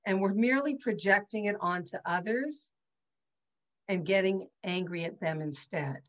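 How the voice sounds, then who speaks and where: This woman's voice sits at medium pitch with lively intonation and a normal speed, though the audio is poor. She's a teacher running an online class by video call, keeping the lecture chatty and frequently checking in with "right?" and "okay?".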